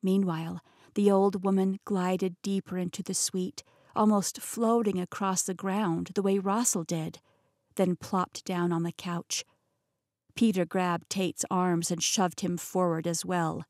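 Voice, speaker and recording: A woman narrating a fantasy audiobook in first person, clear and expressive, recorded close in a studio. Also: medium pitch, measured pace, no echo. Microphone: studio microphone, close and dry.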